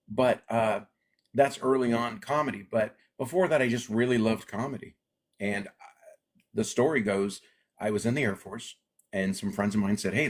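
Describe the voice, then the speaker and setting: A middle-aged man from Alaska, talking in a low, slightly husky voice as a comedian guest on a video call. He tells his stories with lively acted-out voices, keeping the casual tone of an interview chat. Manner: animated storyteller, acts out quoted voices.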